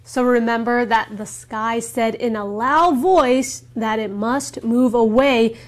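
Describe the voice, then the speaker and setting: A woman teacher slowly explaining words in a story for English learners. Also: fairly high pitch, steady tone, soft background music. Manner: slow, clear explanations.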